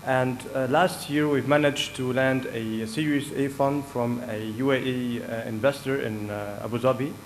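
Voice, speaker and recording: A man from Egypt, a startup co-founder, giving a conference talk in a measured way with frequent "uh" fillers. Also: medium pitch, steady tone, poor audio. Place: conference hall.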